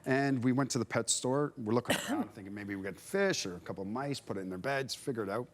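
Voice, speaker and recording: A man in his forties, a former player on a sports panel, telling a lively anecdote and acting out the voices of the people in it. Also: mid-range voice, fast talker. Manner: animated anecdote teller, acts out dialogue. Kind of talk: casual storytelling on a sports panel.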